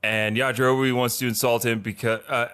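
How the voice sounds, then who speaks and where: A man's voice: mid-range voice, moderate pace, clean tone. A man co-hosting a podcast, chatting in a playful, joking way. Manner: animated, playful, jokey. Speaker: podcast co-host. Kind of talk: casual chat.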